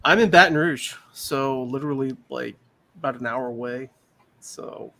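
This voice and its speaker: A man from Louisiana hosting a casual podcast chat, joking and quick to laugh and apologize. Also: medium pitch, creaky, bright, forceful tone. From Louisiana, USA. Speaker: podcast host running giveaways.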